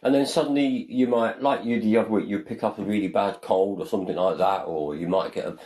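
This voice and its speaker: Deep-voiced man chatting earnestly. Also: fast talker, darkish tone, rough recording. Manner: earnest, rambling, often says "you know" and "like". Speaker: podcast co-host. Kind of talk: casual chat.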